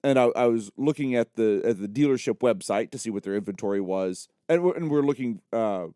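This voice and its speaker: A man co-hosting a podcast, joking around and chiming in with quick quips. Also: lowish voice, lively intonation, warm tone, dry recording, studio quality. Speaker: podcast co-host. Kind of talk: casual chat.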